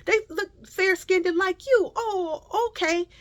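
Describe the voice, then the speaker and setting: A woman's voice: very high-pitched, takes it slowly, pitched above the performer's own voice. A woman voicing a flustered woman shopper who stammers and hesitates.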